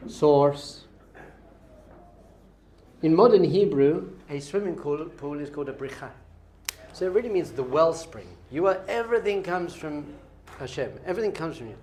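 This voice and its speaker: A middle-aged man, teaching a lively class as a rabbi and quizzing his students with playful questions. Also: on the high side, a little hiss or hum. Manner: animated, playful, quizzing the audience.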